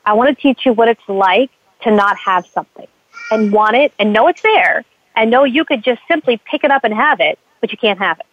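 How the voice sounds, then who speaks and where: Fairly high-pitched, expressive, brisk, and a bit bright, this addiction counselor recounts stories with animation in a conversational interview. She acts out her clients' voices, and the dry, tinny phone-like line has no echo.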